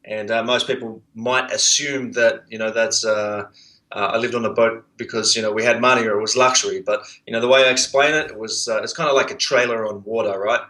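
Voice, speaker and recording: A man with an Australian accent, a podcast guest telling his business story in a relaxed, rambling way with lots of fillers. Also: on the low side, fairly quick, poor audio. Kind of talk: casual interview storytelling.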